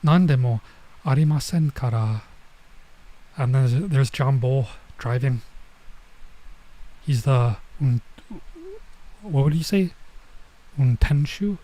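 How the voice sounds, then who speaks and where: Slow, mellow male streamer. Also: mid-range voice, rough recording. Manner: thinking aloud, hesitant, translating as he goes. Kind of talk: reading a manga aloud while studying.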